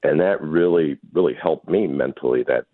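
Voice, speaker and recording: A man's voice: a bass voice, normal speed, no echo. A man in his fifties calls in to a radio show, talking earnestly and gratefully with lots of fillers. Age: 50s. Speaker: caller. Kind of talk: call-in radio chat. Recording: tinny phone line.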